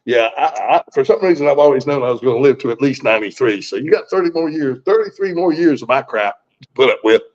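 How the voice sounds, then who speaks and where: A man's voice: medium pitch, quick pace, darkish tone. A man in his sixties telling a personal story in a folksy, blunt way, swearing freely and often restarting his sentences. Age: 60s. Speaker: guest. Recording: muffled lo-fi recording.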